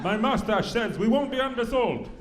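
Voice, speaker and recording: A man's voice: high-pitched, expressive, normal speed, pitched above the performer's own voice. A man voicing a cocky seventy-year-old father with a mustache, firing back brash, teasing retorts. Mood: smug. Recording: roomy club sound with background noise.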